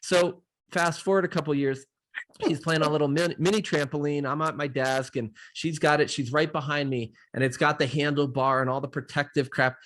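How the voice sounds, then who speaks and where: A man's voice: fairly high pitch, fairly bright tone. Rambling middle-aged male host. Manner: rambling, storytelling with many fillers and restarts. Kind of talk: casual interview chat.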